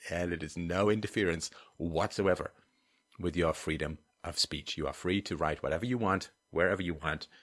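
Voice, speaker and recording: A deep-voiced man hosts a livestream and reads viewer comments aloud. He rants in a sardonic way, dropping to low mutters and then rising to loud, emphatic bursts. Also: moderate pace. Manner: ranting, sardonic, swings between low mutters and loud outbursts. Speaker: host of a call-in and live-chat show.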